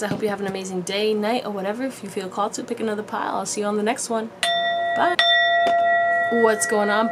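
A woman's voice: mid-range voice, heavy background noise. A woman giving a casual pick-a-card tarot reading to viewers, chatty and slangy with frequent laughs. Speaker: tarot reader.

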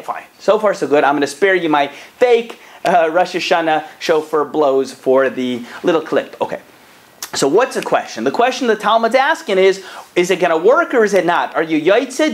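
A young man giving a short video Torah talk as a rabbi, animated and conversational, with plenty of rhetorical questions. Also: high-pitched. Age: young adult.

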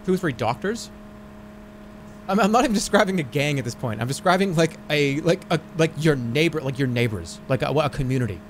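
A man's voice: a little high, animated, fairly quick, a little hiss or hum. A man streaming a game, chatting casually in a rambling, stammering way with plenty of swearing. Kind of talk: casual chat while gaming.

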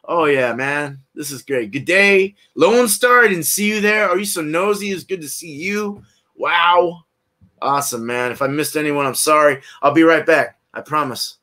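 A laid-back man hosting a casual beer review livestream from his house. His voice is bright and forceful and sits a little high, and he rambles, laughs often and calls out to viewers by name. The talk is loose and unscripted, with plenty of restarts. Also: normal speed. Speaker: host of a live beer review stream. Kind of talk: casual live-stream chat. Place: at home, indoors.

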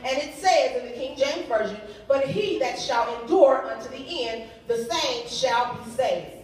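A woman preaching a sermon, leading the congregation in call and response with lively humor. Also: high voice, unhurried. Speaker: youth day speaker. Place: church sanctuary. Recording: echoey hall, voice from far off.

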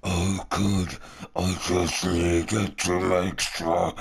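A deep gravelly monster. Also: male voice, level tone, a little hiss or hum, heavily acted. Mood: menacing. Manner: slow, growling reading. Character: Fluttershy done as a deep, gravelly storybook monster.

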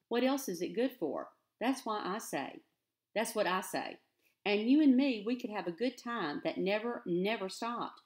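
Woman reads keen teenage country boy; hushed, coaxing, earnest. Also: mid-range voice, lightly acted. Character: eager, dreamy seventeen-year-old country boy.

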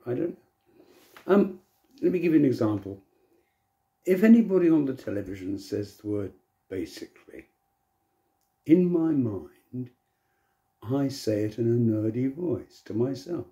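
A man's voice: medium pitch, lively intonation, moderate pace, dark tone. An older man, musing wryly and playfully in a casual monologue to camera. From England. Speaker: vlogger.

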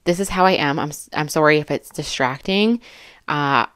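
A woman in her thirties with a low, smooth, somewhat bright voice reads through a list at a moderate pace, offering chatty, filler-heavy reactions to each entry and laughing between them. She sounds a bit out of breath; the commentary YouTuber's recording is dry and studio-clean.

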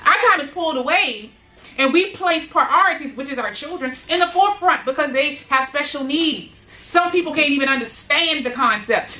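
A woman with a high, bright voice speaks to other parents in a casual, emphatic motivational style, repeating her lines for weight and dropping slang along the way. Her voice rings out with a roomy echo around it. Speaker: motivational speaker, mother of boys with special needs.

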